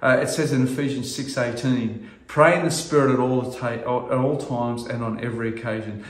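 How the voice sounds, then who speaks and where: Middle-aged male pastor, earnest halting sermon delivery, average pitch, roomy echo. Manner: earnest, halting with restarts, rising to loud emphasis.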